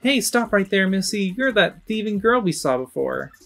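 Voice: mid-range voice, very animated, moderate pace, gravelly, fairly bright tone, faint music behind, pitched above the performer's own voice, exaggerated voice. A game streamer voicing a sassy young female goomba in a snippy, indignant tone.

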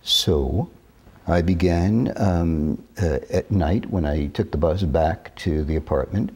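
A man in his sixties from New York, telling stories in an interview with measured, deliberate, careful diction. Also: sits low, a little mellow, husky. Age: 60s. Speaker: interview guest. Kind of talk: reminiscing interview talk.

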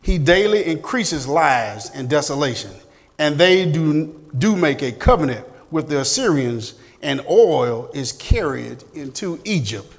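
A man teaches a Sunday school class, his voice sitting a little high for a man. He reads scripture in a steady, earnest way. The sound rings with long hall reverb. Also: measured pace, gravelly. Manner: steady, earnest reading with church exclamations.

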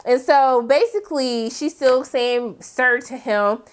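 A woman hosting a TV episode recap, talking in a sassy, slangy, animated way with dramatic asides. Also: high-pitched, takes it slowly, smooth. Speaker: TV recap host. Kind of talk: casual episode recap commentary.

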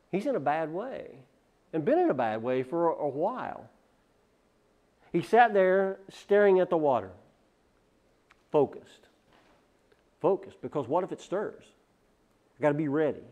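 A man preaching to his church in a fairly high voice. He swings from loud, impassioned rhetorical questions to quiet asides. He often repeats and restarts his words. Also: lo-fi sound. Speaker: pastor. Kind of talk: sermon.

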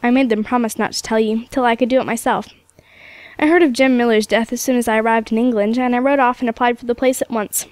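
Grave quiet sailor father, restrained, storybook voice, read by a woman, dry close sound. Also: on the high side, steady tone, fast talker, no echo, close to an everyday voice. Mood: earnest. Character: weather-beaten middle-aged sailor father, quiet, grave. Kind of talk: storybook reading.

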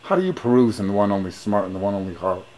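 A man with a fairly low voice talks on a phone call in a rhyming, preachy, sing-song patter. He is pushy and grandiose, piling up rhymes in long run-on sentences as if giving a sermon. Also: big pitch swings, rapid-fire, darkish tone. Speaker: caller.

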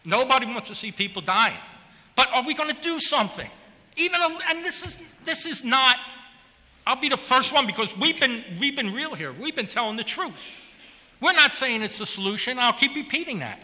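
Man, councilman, floor speech, high voice, long chamber reverb. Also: big pitch swings, moderate pace, sharp tone. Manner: impassioned and plainspoken, with repeated rhetorical questions. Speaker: city councilman.

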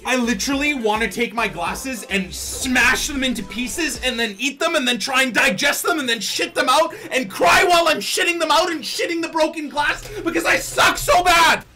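A young man shouting in disbelief and complaining extravagantly about his own play while gaming. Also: very high voice, normal speed, hardly any pauses, soft background music. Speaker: gamer streamer. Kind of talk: raging gameplay commentary.

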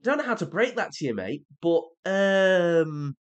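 A young man with an English accent, chatting casually as he reacts to comments, sarcastic and prone to exasperated high-pitched rants. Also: huge pitch swings, fast talker, husky. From England. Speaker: reaction video creator.

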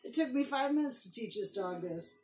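A woman training her dog and talking it through casually, slipping into high sing-song commands. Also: expressive, fairly quick, a little mellow, a little hiss or hum.

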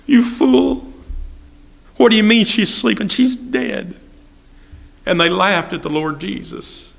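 In a church sanctuary, a pastor with a fairly high, creaky, slightly bright voice preaches a sermon, asking repeated rhetorical questions and acting out the voices of people he quotes.

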